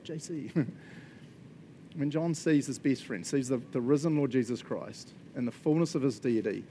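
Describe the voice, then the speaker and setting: A man preaching a casual, conversational sermon, animated and chatty, often checking in with his listeners. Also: mid-range voice, slight background noise. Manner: animated and chatty, frequent laughs and "right?" check-ins.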